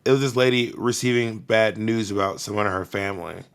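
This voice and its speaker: A man's voice: fairly low pitch, a little fast, a bit bright, clean tone. A man co-hosting a podcast in casual chat, playful and teasing, rambling a little as he talks. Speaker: podcast co-host.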